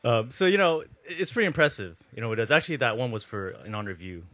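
A man's voice: mid-range voice, expressive, fast talker, bright, forceful tone, no room sound. Casual, conversational male pastor. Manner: conversational, filler-heavy. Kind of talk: sermon.

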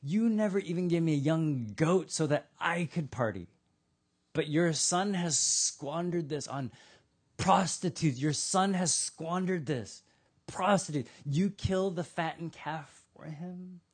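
A man's voice: a little high, slow pace, husky, full character voice. A man playing an indignant older brother. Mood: resentful. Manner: resentful, lecturing.

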